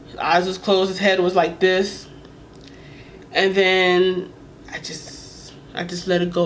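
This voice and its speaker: A young adult woman telling a candid, animated storytime vlog, sometimes laughing and dropping to a whisper. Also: mid-range voice, slow pace, pauses often, slight background noise. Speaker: vlogger.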